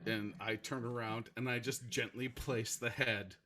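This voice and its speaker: A man playing in a casual tabletop game, full of animated, swearing banter. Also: medium pitch, unhurried, slight background noise. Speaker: player.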